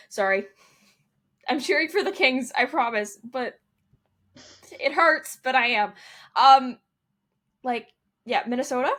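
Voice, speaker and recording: Animated young woman co-hosting a podcast. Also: fairly high pitch. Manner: animated, joking, ranting, laughs often. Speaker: podcast co-host. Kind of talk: casual sports chat.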